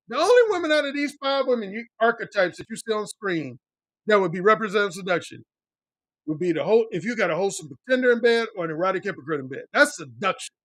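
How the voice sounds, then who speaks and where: This fast-talking middle-aged man, a dating coach, answers his livestream chat with lively intonation and a slightly bright sound, free of echo. Blunt and profane, he repeats points to drive them home and mimics other men in a high voice when quoting them.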